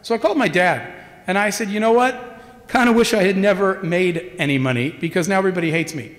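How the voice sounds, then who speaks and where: A middle-aged man giving a conference keynote, telling stories and acting out the dialogue in them with lively energy. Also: high voice, quick pace. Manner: animated storyteller acting out quoted dialogue. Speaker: keynote speaker. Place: large conference hall. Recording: long hall reverb.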